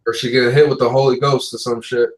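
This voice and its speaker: A man's voice: mid-range voice, little pitch movement, fast. A man co-hosting a podcast in casual chat, laid-back and full of slang and swearing. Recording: roomy, echoey recording.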